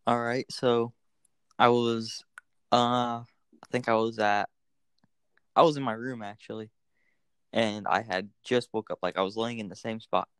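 A man's voice: mid-range voice, fairly even intonation, unhurried, pauses often, a bit bright, clean tone, no echo. A man chatting casually as a podcast guest, telling stories loosely with lots of fillers. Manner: loose, filler-heavy storytelling. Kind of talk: casual chat.

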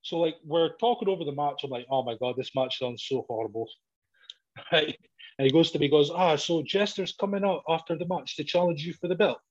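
A man, a professional wrestler, telling sweary, animated stories in casual chat and acting out both sides of each exchange. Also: on the high side, fast, slightly rough. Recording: dull lo-fi audio.

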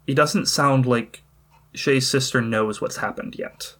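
A man running a tabletop game as game master, narrating scenes in a measured, descriptive way. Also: mid-range voice, fairly bright tone. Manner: measured descriptive storytelling with occasional fillers.

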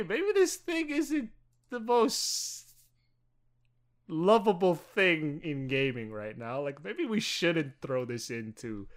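A young man co-hosting a podcast, chatting casually in a rambling way. He leans on fillers and restarts his sentences, and he swears freely. His voice sits at a middle pitch. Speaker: podcast co-host. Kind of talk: casual chat.

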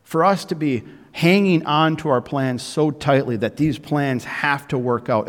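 A pastor giving a sermon to his congregation, building emphasis with frequent pauses. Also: on the high side. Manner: preaching with rising emphasis and pauses, addressing the congregation. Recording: echoey hall with long reverb.

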